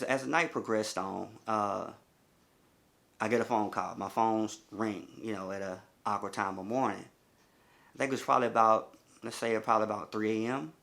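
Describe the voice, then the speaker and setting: Low-voiced middle-aged man, halting testimony. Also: creaky, a bit bright. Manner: halting, repetitive, many fillers. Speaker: bereaved father telling his story. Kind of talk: personal testimony.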